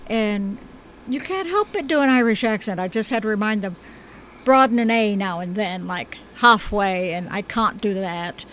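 An American woman speaks in an easygoing, thoughtful way about directing a play, now and then slipping in a dry joke. Her voice sits at an ordinary middle pitch. A faint hum of noise lies under her words. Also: expressive, moderate pace, low-quality recording. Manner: chatty, thoughtful, gently humorous. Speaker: stage director. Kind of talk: conversational interview.

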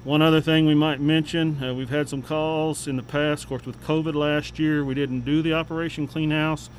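Flat-voiced man giving city updates. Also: on the high side, a little hiss or hum, poor audio. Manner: plain, unhurried, with many fillers. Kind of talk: radio talk segment.

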